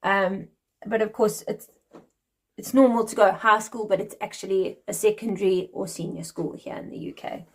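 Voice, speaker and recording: A South African woman in her forties, with a South African accent, explains things in a friendly, chatty vlog. Her mid-range voice stays fairly even in intonation at a normal speed, and she laughs lightly now and then.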